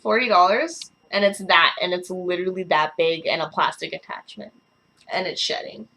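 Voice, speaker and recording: A woman's voice: lowish voice, moderate pace, vocal fry, bright, forceful tone. A young woman vlogging a makeup review, talking casually and bluntly, swearing and ranting. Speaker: beauty vlogger.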